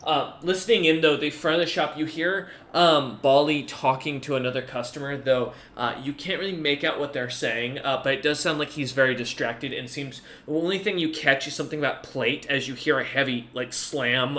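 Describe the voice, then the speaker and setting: A man narrates a tabletop game as game master in a rambling way, with many fillers. His voice is bright and forward. The room gives it a noticeable echo. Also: medium pitch, fairly even intonation, moderate pace, few pauses. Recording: roomy echo.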